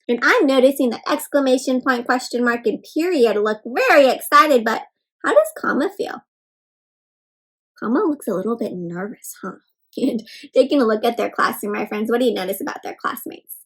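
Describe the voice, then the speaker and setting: A woman's voice: on the high side, expressive, normal speed, a bit bright, poor audio. A woman giving an interactive read-aloud for children, gasping and talking straight to her young listeners. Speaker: storyteller.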